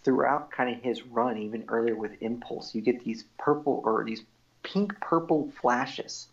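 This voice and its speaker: A man with a gravelly, fry-laced voice talks through comic book scenes in a relaxed podcast chat. His pitch sits in the middle, and he slips into quoting the characters as he retells the panels. The recording sounds dull and lo-fi. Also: a little slow. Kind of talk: casual chat. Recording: dull lo-fi audio.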